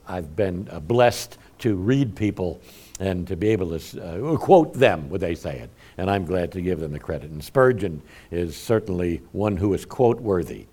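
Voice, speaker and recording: Middle-aged pastor, low voice with lively swings, chatty and self-deprecating, chuckles. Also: male voice. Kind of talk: conversational sermon.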